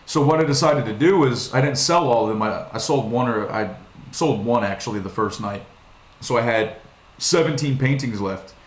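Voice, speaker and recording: A man's voice: medium pitch, normal speed. Profane rambling young man, echoey room. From Virginia, USA. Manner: rambling, profane, frequent restarts. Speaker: vlogger. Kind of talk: casual storytelling monologue.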